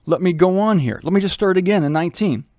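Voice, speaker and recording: A man's voice: high-pitched, fast talker, a little mellow, no echo, clean studio sound. A man giving a conversational, humorous Bible teaching, breaking into little acted voices.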